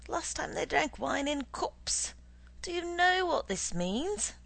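Pompous Soviet boss, put on by a woman, indignant, lecturing, gravelly. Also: high-pitched, big pitch swings, slow pace, fairly bright tone, voice pushed up, exaggerated voice.

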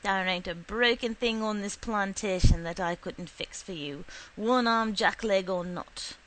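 A woman voicing a smooth-talking, proud one-armed drifter, speaking in a lowered, emphatic voice. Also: measured pace, a bit bright, lightly acted, low-quality recording.

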